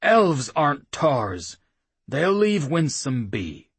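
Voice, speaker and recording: A man voicing a bulky old half-orc warband chief who talks in short, gruff commands. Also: a little high, sing-song, takes it slowly, no echo, voice pushed up, full character voice. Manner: barks orders, gruff and terse.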